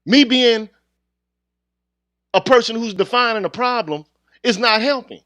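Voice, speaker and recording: A man's voice: very high voice, a little slow, fairly bright tone, dry recording. A man hosting his own channel, ranting bluntly in street slang, heated and confrontational in a casual monologue to viewers. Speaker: channel host.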